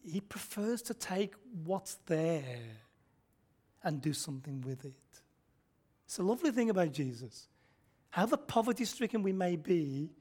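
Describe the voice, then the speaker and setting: Preacher, laid-back sermon, keeps asking the crowd stuff and chuckling. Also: medium pitch. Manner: conversational, quizzes the congregation, frequent rhetorical questions; chuckles often mid-sentence.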